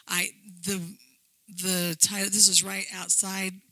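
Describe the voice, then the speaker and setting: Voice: mid-range voice, little pitch movement, takes it slowly, sharp tone, no echo, rough recording. A church minister telling a rambling, earnest faith story while presenting slides. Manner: rambling, earnest testimony with frequent restarts. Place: lives in Brussels.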